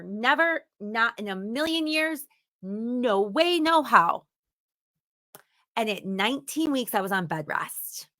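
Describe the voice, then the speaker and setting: A woman's voice: on the high side, bright, forceful tone. A woman giving a motivational teaching talk, speaking emphatically and repeating words for stress. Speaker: instructor.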